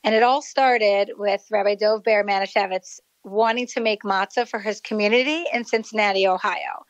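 A woman's voice: mid-range voice, steady tone, normal speed, no echo, poor audio. A woman guest on the line, eagerly explaining a story. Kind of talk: casual interview.

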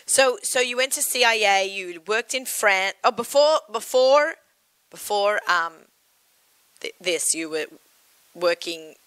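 A woman hosting an interview, firing quick, excitable follow-up questions. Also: mid-range voice, clear, resonant tone, dry recording, rough recording. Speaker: interviewer host. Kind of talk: casual interview.

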